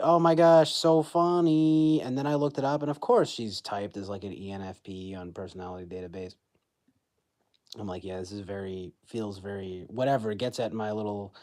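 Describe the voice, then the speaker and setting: A man's voice: mid-range voice, a little mellow. A man in his twenties chatting casually on a phone livestream, rambling with lots of fillers and self-mocking asides. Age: 20s. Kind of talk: casual chat.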